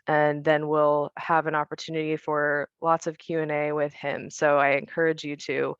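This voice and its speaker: A woman with a low, smooth voice presents a speaker at an online workshop. Her delivery is even and organized. The audio is dry and slightly muffled. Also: no echo. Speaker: moderator.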